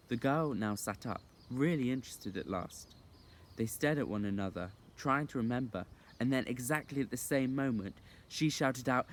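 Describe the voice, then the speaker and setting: A man reads a children's novel aloud as an expressive storyteller, his voice medium in pitch and his pace moderate.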